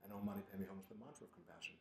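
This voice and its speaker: A man, an author, telling personal stories to an audience at a bookstore event, loud at first and softer later. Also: fairly low pitch, steady tone, rapid-fire. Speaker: author giving a book talk. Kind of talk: storytelling talk to an audience. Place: large bookstore event room. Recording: roomy echo.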